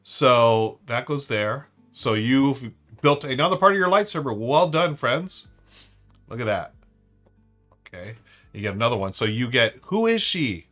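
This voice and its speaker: A man's voice: medium pitch, lively intonation, measured pace, fairly bright tone, soft background music. A man hosting a live-stream trivia board game, chatting upbeat and thinking aloud to his viewers.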